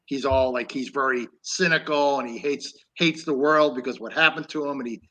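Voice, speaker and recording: A man's voice: mid-range voice, moderate pace, sharp tone, rough recording. A man co-hosting an online talk show, chatting loosely about an old film with many restarts. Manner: rambling, with many restarts and laughs. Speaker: co-host. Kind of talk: casual film discussion.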